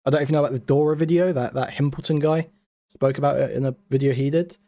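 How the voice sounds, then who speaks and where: A man speaks as a guest in a casual call. He is earnest and often hesitates and restarts. His voice is mid-pitched and recorded close and dry. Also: fairly even intonation, fast, dark tone, no echo. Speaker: guest commentator.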